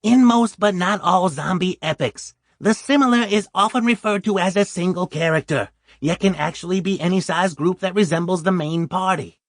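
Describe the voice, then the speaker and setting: A man reading a book excerpt aloud in a measured, deliberate manner. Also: sits high, no room sound, studio quality. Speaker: audiobook reader.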